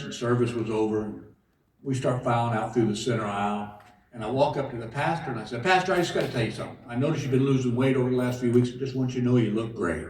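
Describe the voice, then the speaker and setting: A middle-aged stand-up comedian tells folksy stories on a large casino theater stage, acting out both sides of each conversation in a mid-range voice. The recording is roomy and distant, like a live hall, with audience laughter and slight background noise.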